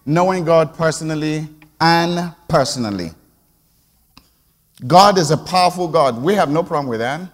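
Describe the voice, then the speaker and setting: A man preaching a sermon to his congregation, moving from quiet reflection to emphatic call-and-response. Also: a little high, normal speed, pauses often, in a large hall. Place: church sanctuary.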